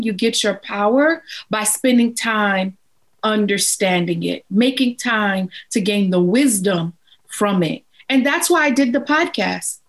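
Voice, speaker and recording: A woman speaks slowly in a high register, leaning on each phrase as she gives advice about grief. She repeats lines for emphasis, earnest and steady as an interview guest. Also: poor audio.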